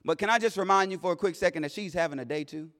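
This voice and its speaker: A man preaching a sermon in a plain-spoken way, swinging between loud declarations and hushed asides. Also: high voice, very fast. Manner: plain-spoken, vernacular phrasing. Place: church sanctuary. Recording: long reverb of a large hall.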